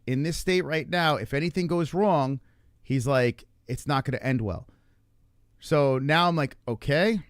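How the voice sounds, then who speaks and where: A man's voice: a little high, dry recording, clean studio sound. Profane man telling a story. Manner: heavy swearing, fast-tumbling retelling with reenacted dialogue; frequent fillers and restarts. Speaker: livestream host. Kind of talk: casual storytelling.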